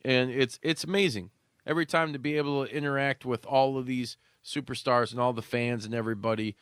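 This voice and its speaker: A man co-hosting a wrestling podcast in a studio, chatting casually, rambling and cursing freely, now and then breaking into loud goofy shouts. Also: medium pitch, fairly even intonation, a little fast, clean tone, no room sound. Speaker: podcast co-host. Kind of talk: casual chat.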